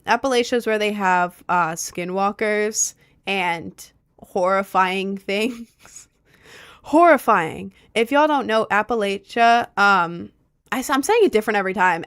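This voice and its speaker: A woman's voice: medium pitch, fairly bright tone, clear, resonant tone. Chatty young woman with a faint Southern lilt. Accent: slight Southern lilt on some words. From rural Maryland, United States. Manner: rambling, chatty, with frequent fillers and laughs. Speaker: streamer answering chat. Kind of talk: casual chat.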